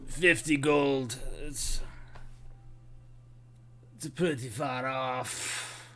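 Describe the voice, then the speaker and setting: A man voicing a greedy male weapon shop merchant with an odd put-on accent, haggling slowly. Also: mid-range voice, fairly even intonation, sharp tone, a little hiss or hum. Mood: sly. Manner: haggling, slow and drawn out.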